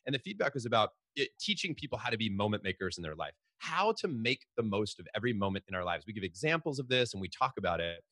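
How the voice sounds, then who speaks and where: A man's voice: fairly low pitch, sing-song, fast talker, hardly any pauses, bright, forceful tone, no echo. A middle-aged man, a podcast guest and author, telling stories animatedly with frequent restarts. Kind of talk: storytelling in a podcast interview.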